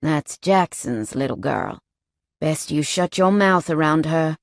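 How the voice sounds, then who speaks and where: A woman voicing a cocky, flirtatious male biker who teases with a slow drawl. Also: low-pitched, expressive, vocal fry, no echo, studio quality, exaggerated voice. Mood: gruff. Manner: teasing drawl, calls her sugar.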